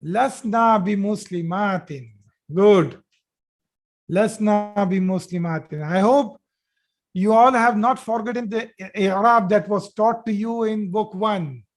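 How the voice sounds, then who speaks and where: Teaching Arabic grammar live on a video call, a man with a high voice repeats every phrase slowly. He commends his students as they give their answers.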